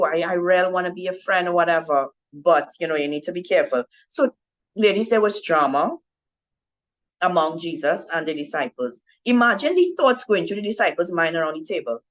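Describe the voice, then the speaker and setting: Lower-voiced woman. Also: poor audio. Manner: conversational, keeps asking "right?". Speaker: women's ministry speaker. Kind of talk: informal Bible teaching talk.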